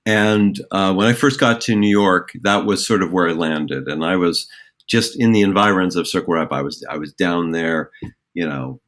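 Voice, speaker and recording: A man's voice: sits low, normal speed, fairly bright tone. A middle-aged man, a theater director, explaining acting ideas in a reflective, rambling way with many fillers and restarts. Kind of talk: conversational podcast explanation.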